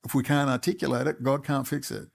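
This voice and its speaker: A man's voice: medium pitch, flat delivery, fast talker, gravelly. A man with an Australian accent giving an angry, intense monologue full of swearing. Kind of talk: ranting monologue.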